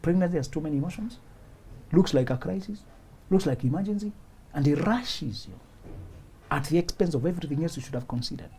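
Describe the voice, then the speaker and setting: A man with a husky, mellow voice hosts a studio advice show. His pitch swings widely as he talks. He laughs often, acts out little scenes and repeats his points for emphasis. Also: animated, fairly quick, pauses often. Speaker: relationship talk show host.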